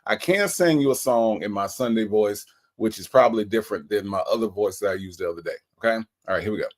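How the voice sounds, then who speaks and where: A man's voice: lowish voice, fast talker. A man hosting a casual livestream, reading out viewer comments and greeting each one in a playful way. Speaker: livestream host.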